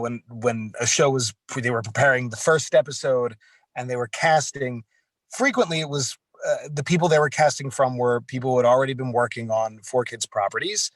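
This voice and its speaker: A man's voice: medium pitch, no echo. Rambling man, dry close sound. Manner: rambling, filler-heavy. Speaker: voice actor. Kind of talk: casual interview recollection.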